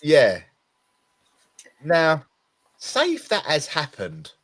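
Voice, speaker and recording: Very slow, fairly high and a bit bright, the tired co-host's voice swings hugely in pitch. He's an Essex man on a casual talk show, rambling with lots of restarts.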